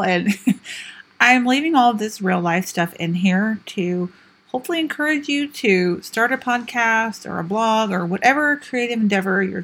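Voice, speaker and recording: A woman's voice: mid-range voice, a bit bright. A woman in her thirties hosting a podcast, chatting casually and laughing often, with plenty of fillers. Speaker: podcast host.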